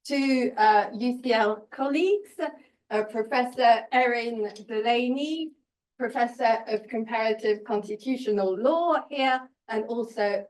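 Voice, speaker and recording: A woman chairing an academic seminar, introducing the speaker in a halting way with frequent pauses. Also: a little high, recorded from a distance, low-quality recording.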